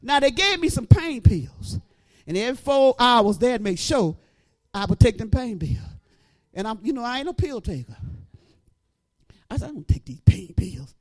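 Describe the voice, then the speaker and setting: A middle-aged woman preacher giving an animated testimony, breaking into praise and shouting at the peaks. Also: a little high, moderate pace. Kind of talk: testimony sermon.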